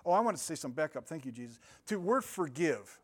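An older man preaching in a loose, conversational way. His voice sits a bit high for a man, and he wanders through stories, corrects himself mid-sentence and laughs at his own asides. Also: very animated, fast talker. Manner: rambling, self-correcting, laughs often. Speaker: pastor. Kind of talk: informal sermon with storytelling.

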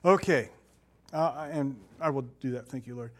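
A middle-aged man preaching a sermon in a conversational, animated way, with asides and laughter. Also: medium pitch, moderate pace.

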